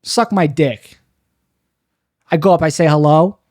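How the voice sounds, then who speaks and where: A young man with a slightly high voice rambles through a bitter, self-mocking stand-up monologue, stumbling and restarting his sentences. The recording is dry and close, with no room sound. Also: unhurried, a little mellow, no echo. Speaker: stand-up comedian.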